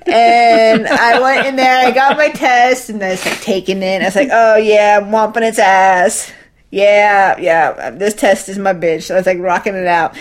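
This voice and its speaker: A woman's voice: mid-range voice, moderate pace. A young adult woman co-hosting a podcast, telling a story in a casual, profane way and acting out her own quotes. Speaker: podcast co-host.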